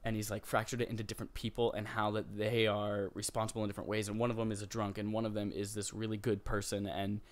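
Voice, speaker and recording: A man's voice: on the low side, little pitch movement, fast talker, hardly any pauses. Joking, enthusiastic young man on a podcast. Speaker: podcast co-host. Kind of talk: casual gaming podcast chat.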